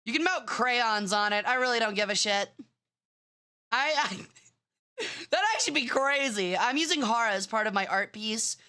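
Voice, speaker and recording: A young woman chats to her stream in a bright, high-leaning voice, bratty and loose. She rambles with plenty of fillers and swears without a second thought. The talk is fully casual and unscripted. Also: expressive, normal speed, long pauses, clear, resonant tone. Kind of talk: casual live-stream chat.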